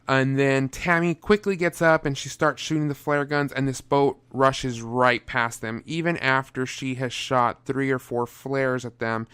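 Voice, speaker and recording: A man's voice: medium pitch, fairly bright tone, clean tone, no echo. A young man reviewing a movie in a casual, sarcastic way, often breaking into exasperated outbursts.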